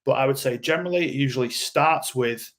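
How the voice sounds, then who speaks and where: A man's voice: mid-range voice, a little fast, a bit bright. A man speaking as a guest in a podcast interview, explaining ideas bluntly and acting out short quoted lines. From United Kingdom. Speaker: guest coach.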